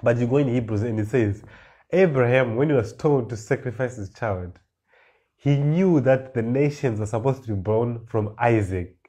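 Mellow-voiced man preaching a sermon. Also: medium pitch. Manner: reads verses slowly, then explains with rising emphasis and repeated words. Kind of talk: sermon, reading and explaining scripture.

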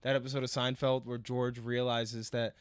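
A man's voice: mid-range voice, flat delivery, moderate pace, clean tone, no room sound. A man co-hosting a podcast in casual chat, rambling and joking. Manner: rambling, jokey, full of fillers. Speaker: podcast co-host.

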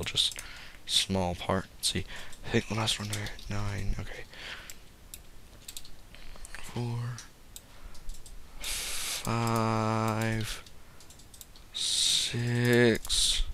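A man's voice: lowish voice, bright, forceful tone, a little hiss or hum. A man giving casual gameplay commentary, rambling and joking to his viewers. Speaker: game commentator.

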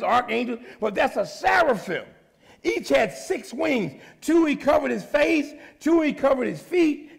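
A man preaching with a very high, gravelly voice and lively, animated delivery. His tone is husky and rough-edged, and he moves from quiet asides to full shouts as he exhorts the congregation. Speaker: pastor. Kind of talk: sermon.

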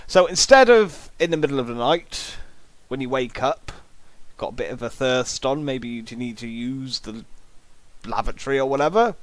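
A man's voice: mid-range voice, animated, moderate pace, no echo. A man giving comic, exasperated reaction commentary, jokingly disgusted and theatrical.

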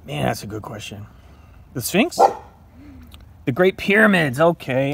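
A man at an ordinary mid pitch reads trivia questions aloud to himself and guesses the answers. He sounds playful and pokes fun at himself, sometimes turning to talk to his dog. A faint noise sits behind his voice. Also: animated, moderate pace, gravelly, long pauses. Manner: playful, self-mocking, talks to his dog. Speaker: vlogger. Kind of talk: casual trivia self-quiz while eating.

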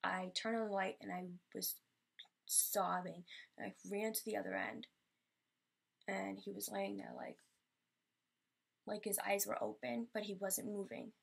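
A woman's voice: mid-range voice, level tone, a little slow, vocal fry, pauses often, breathy edge. A young woman telling personal stories in a Q&A vlog, rambling and emotional with many fillers. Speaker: vlogger.

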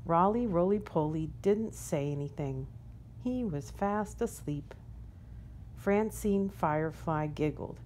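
A woman reading a children's picture book aloud in a gentle, unhurried storytelling manner. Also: on the low side, a little hiss or hum. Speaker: storybook reader.

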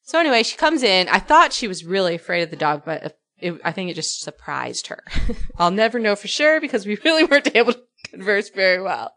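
A woman's voice: medium pitch, a little fast. A woman co-hosting a podcast, telling a story in casual chat and laughing often as she goes. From New Mexico. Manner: laughing storyteller, animated retelling. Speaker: podcast co-host.

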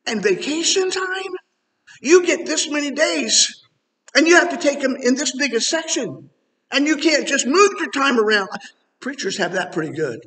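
A middle-aged male pastor preaching a sermon in a church, animated and rising to emphatic near-shouts. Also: very high voice, moderate pace. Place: church sanctuary. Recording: long hall reverb.

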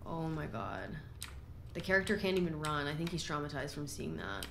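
A woman's voice: sits low, very animated, normal speed, gravelly. A woman in her twenties giving jumpy, exclaiming commentary while playing a video game. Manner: jumpy, exclaiming, easily startled. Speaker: gaming YouTuber. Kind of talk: let's play commentary. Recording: echoey room, faint noise.

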